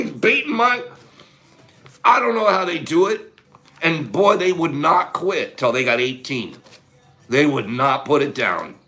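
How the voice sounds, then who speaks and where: A man hosting a casual livestream, emotional and animated, swinging from loud bursts to soft, choked-up murmurs. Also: on the high side, measured pace, faint music behind. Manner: emotional, gets choked up and clears his throat. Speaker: livestream host.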